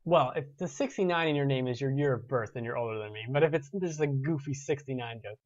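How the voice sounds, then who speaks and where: A man's voice: mid-range voice, fast, a little mellow, no echo, highs cut off. A man in his twenties hosting a gaming show, chatting casually and rambling with restarts while reading viewer comments. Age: 20s.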